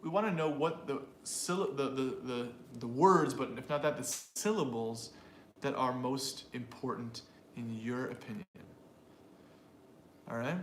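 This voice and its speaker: A man's voice: mid-range voice, measured pace, echoey room, slight background noise. A man teaching an English pronunciation lesson to a live audience, explaining and drilling sentences aloud in an upbeat way.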